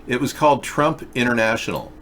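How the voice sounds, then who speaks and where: A man's voice: mid-range voice, animated, a little fast, fairly bright tone, slight background noise. A man hosting a casual video chat show, rambling through stories and reading viewer comments aloud. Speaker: show host.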